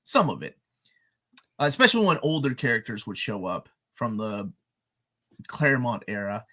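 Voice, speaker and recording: A man's voice: lowish voice, very animated, moderate pace. A man co-hosting a casual live chat, rambling and correcting himself as he goes. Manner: rambling, self-correcting, swings loud and quiet. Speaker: co-host. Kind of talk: casual chat about comics.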